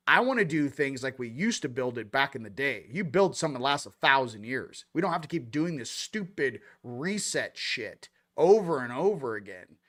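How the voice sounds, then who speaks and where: A man hosts a casual spiritual talk show with a slightly high voice. He rants animatedly, dropping low and intense, then bursting loud with playful sound effects and mock voices. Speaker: host.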